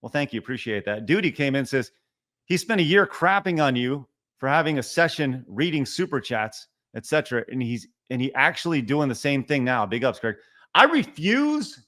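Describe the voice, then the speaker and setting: A man's voice: mid-range voice, fairly quick, a bit bright. A man on a casual livestream reading out viewer donations and chat messages, protesting in mock refusal while thanking each donor. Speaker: streamer reading super chats.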